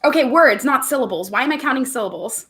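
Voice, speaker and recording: A woman's voice: sits high, expressive, quick pace, fairly bright tone. Bubbly woman chatting on a livestream. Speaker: livestream host. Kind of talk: casual livestream chat. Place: home room.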